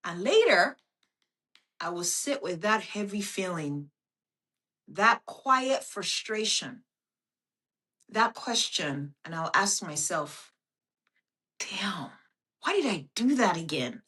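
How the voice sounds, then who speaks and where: Woman host for an intimate self-help monologue; slow, bright voice with a lively, swooping delivery. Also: on the low side. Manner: slow, intimate, addresses listener as "my friend", swears casually. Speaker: podcast host.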